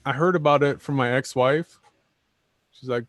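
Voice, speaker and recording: Man, co-host. Blunt, confrontational, repetitive; mid pitch; dry close mic. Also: normal speed, a bit bright, no room sound. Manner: combative, blunt, repeats himself. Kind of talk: casual livestream talk.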